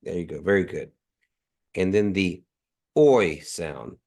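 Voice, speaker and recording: Deep-voiced man teaching on a video call. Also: lively intonation, a little mellow. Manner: patient, models sounds slowly and repeats them. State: nasal from allergies. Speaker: language teacher. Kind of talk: online language class.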